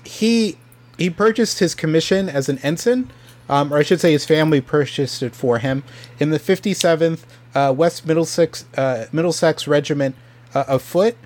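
A man's voice: a little high, moderate pace, a little mellow. Rambling man telling history on a podcast. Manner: rambling, many fillers and restarts. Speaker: podcast co-host presenting history. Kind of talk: casual podcast chat.

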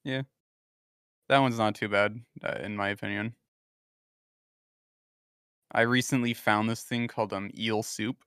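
A low-voiced man rants crudely through a casual podcast chat, swearing freely. The sound is dry and close, with no room echo. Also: fairly even intonation, unhurried, pauses often, a bit bright, smooth. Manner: crude, ranting, swears a lot. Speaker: podcast co-host.

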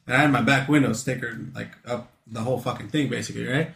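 A man's voice: mid-range voice, little pitch movement, a little fast, gravelly, hardly any pauses, bright, forceful tone. A man casually telling a story to friends, laid-back and profane, laughing along as he goes. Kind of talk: casual chat. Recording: roomy echo.

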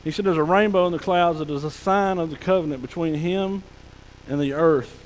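A male pastor preaching a folksy sermon, sometimes dropping to a soft hush. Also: fairly high pitch, a little fast, in a large hall, slight background noise, low-quality recording. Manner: folksy preaching, drops to soft hushed tones for God's whispers. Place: church sanctuary.

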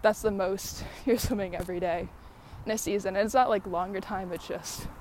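A woman's voice: medium pitch, fairly even intonation, fairly quick, darkish tone, slight background noise. Female podcaster, casual and rambly, slightly winded on a walk outdoors. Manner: many fillers, laughs often while talking. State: out of breath walking uphill. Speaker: podcast host.

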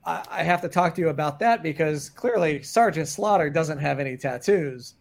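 Gravelly, higher-voiced male podcast host. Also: lively intonation, normal speed. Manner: conversational questioning. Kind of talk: casual interview chat.

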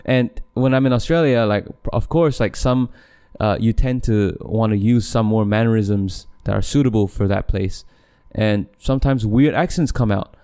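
A man's voice: on the low side, normal speed, dark tone, smooth. A young man from Malaysia hosting a podcast, talking casually and rambling, with frequent restarts and laughs. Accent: neutral English with a light Malaysian tinge. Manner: rambling, self-interrupting, laughs often. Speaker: podcast host. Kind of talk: casual solo podcast monologue.

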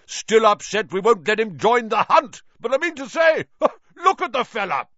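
A man voicing a hearty, boisterous headless ghost huntsman who roars and jokes loudly. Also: on the high side, normal speed, creaky, husky, no room sound, pitched above the performer's own voice, exaggerated voice. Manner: loud, roaring and jovial. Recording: dry, slightly dull recording.

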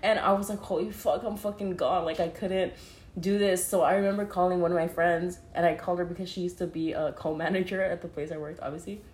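A woman's voice: on the low side, steady tone, fast talker, a little mellow. A young woman telling a story casually, laughing often, saying "like" constantly and swearing freely. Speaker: podcast co-host. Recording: roomy echo.

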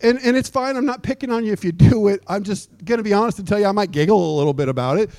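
A pastor preaching a sermon in a lively, joking way, slipping into mock old-fashioned prayer voices. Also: male voice, sits high, rapid-fire, no echo. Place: church.

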